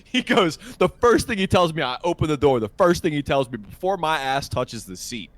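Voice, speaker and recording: Animated, profane young man telling a story. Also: fairly high pitch, fairly quick. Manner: animated, profane, acts out quotes. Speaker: podcast co-host. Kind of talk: casual storytelling.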